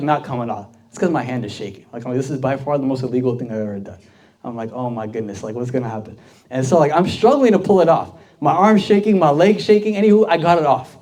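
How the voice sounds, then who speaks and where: Casual young deacon with a mellow voice. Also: male voice, fairly high pitch. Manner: conversational, lots of "like" fillers, asks the audience questions. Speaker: deacon giving a youth sermon. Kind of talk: casual storytelling sermon.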